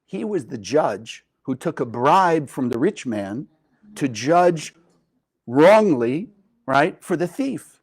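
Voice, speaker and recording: A man voicing a wise old spiritual master in a parable, calmly and patiently explaining. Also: fairly high pitch, slightly rough, no echo, studio quality, full character voice. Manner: calm, measured, explaining. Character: calm wise old male master teacher.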